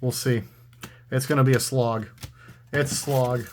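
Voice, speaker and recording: A man's voice: mid-range voice, steady tone, measured pace, slight background noise. A man giving casual, sarcastic commentary while opening trading card packs on his channel. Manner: dry, sarcastic.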